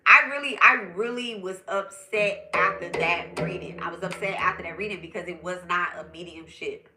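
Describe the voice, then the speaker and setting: A woman's voice: fairly low pitch, moderate pace, few pauses, echoey room, a little hiss or hum, rough recording. A young woman, a spiritual medium, chatting to her viewers as she tells a personal story. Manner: chatty, animated, addresses viewers directly.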